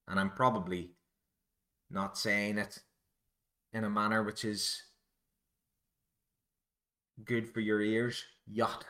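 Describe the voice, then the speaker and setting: A man's voice: lowish voice, steady tone, takes it slowly, long pauses, bright, forceful tone. A Northern Irish man hosting a solo podcast, musing in a rambling, digressive, self-deprecating way. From Northern Ireland. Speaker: podcast host.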